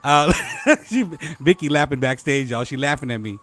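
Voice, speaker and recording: A man's voice: medium pitch, sing-song, normal speed, fairly bright tone. A man hosting a live-stream talk show, playful and joking, greeting viewers by name between laughs. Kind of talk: casual live-stream chat.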